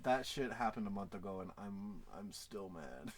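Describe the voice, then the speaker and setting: A man's voice: lowish voice, moderate pace, very noisy. A young man co-hosting a casual podcast from a bedroom, joking and laughing often. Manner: joking, laughs often, does silly voices. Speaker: podcast co-host. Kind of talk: casual chat.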